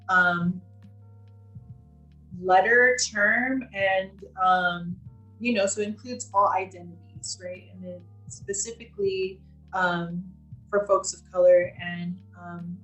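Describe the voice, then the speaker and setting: A woman's voice: mid-range voice, fairly bright tone. Chatty woman trainer on a roomy call. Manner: chatty, with many fillers and restarts. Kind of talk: casual live online training.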